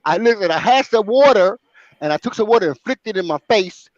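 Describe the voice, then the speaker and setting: Host, older man, comic storyteller, high animated voice, laughs often, dry dull recording. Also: quick pace, dry recording. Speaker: show host.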